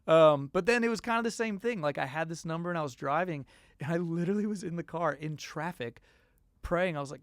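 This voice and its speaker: A man's voice: a little high, fast talker, dry recording. A man, a songwriter guest, telling stories in a casual interview and acting out the voices of the people he quotes. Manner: animated, acts out quoted voices.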